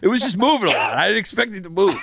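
A man in casual banter with friends, crude, excitable and quick to laugh. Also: high voice, creaky.

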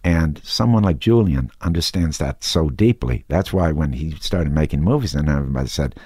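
A man talking casually as an actor guest in an interview, halting, with many restarts and fillers. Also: extremely low pitch, expressive, mellow, breathy edge, no room sound, clean studio sound.

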